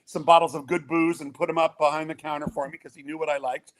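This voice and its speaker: High-voiced older man telling a story. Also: fast. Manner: animated storyteller acting out quotes. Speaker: guest, father of the groom. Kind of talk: casual podcast storytelling.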